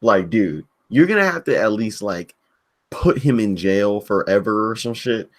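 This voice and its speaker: Blunt slangy man with a low voice. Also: lively intonation, measured pace. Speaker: stream co-host. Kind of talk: casual livestream chat.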